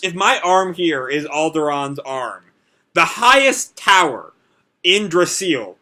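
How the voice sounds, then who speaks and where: Young man, manga reaction host, casual, rambling, bright, lively pitch. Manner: casual, rambling, many fillers. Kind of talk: live reading and reaction.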